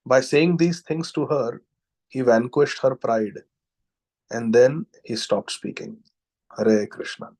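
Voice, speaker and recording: A man reading devotional scripture aloud, chanting Sanskrit verses slowly and then explaining them in English. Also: medium pitch, a little mellow. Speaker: scripture reader and preacher.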